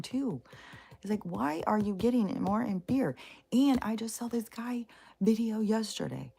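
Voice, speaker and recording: A woman's voice: fairly low pitch, gravelly, dark tone. A woman vlogging in casual, rambling talk, blunt and profane, with many fillers and restarts. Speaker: spiritual vlogger.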